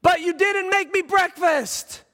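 A man's voice: extremely high pitch, a little slow, bright, forceful tone, long reverb tail, pitched above the performer's own voice, heavily acted. A man voicing his young son, a small boy who whines and insists about breakfast. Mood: whining. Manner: complaining, insistent. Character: whiny little boy wanting breakfast.

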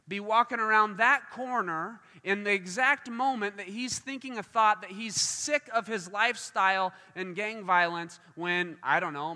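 Animated preacher in a reverberant hall. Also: male voice, sits high. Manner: animated, acts out voices in stories. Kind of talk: sermon storytelling.

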